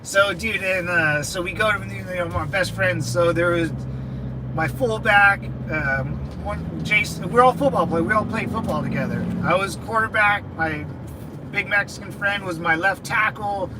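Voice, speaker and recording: A man's voice: high voice, normal speed, noisy background. A man in his thirties telling loose stories to his viewers, laughing often and saying "dude" and "man" a lot. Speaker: veteran channel host. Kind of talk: casual storytelling chat.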